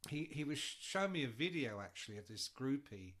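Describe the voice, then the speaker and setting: A man's voice: mid-range voice, fairly quick. A man, co-hosting and telling rowdy stories in casual chat, swearing freely. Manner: animated, swearing, acts out the voices. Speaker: podcast co-host.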